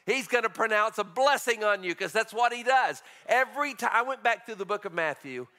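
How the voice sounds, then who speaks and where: Male preacher, bright and forceful tone, chatty animated delivery with light chuckles. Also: sits high, fairly quick. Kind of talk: sermon.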